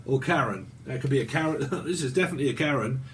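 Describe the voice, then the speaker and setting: A man's voice: medium pitch, animated, fast, a bit bright, slight background noise. A man in his forties with a British accent, giving a rambling, profane tarot reading and laughing often. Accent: British English. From Britain. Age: 40s. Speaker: tarot reader. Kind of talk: casual tarot reading monologue.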